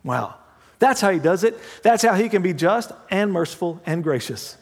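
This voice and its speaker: A man preaching a sermon as pastor, mixing humorous family stories with hushed prayer. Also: sits high, lively intonation, normal speed. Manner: dramatic swings from loud to hushed prayer; humorous storytelling with laughs. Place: church sanctuary. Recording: long hall reverb.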